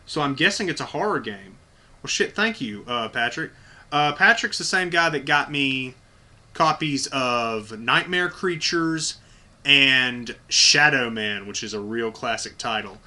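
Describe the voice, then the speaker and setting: A man's voice: mid-range voice, animated, a little slow, sharp tone. A man hosting a casual unboxing video, talking bluntly and enthusiastically with plenty of swearing. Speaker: video host.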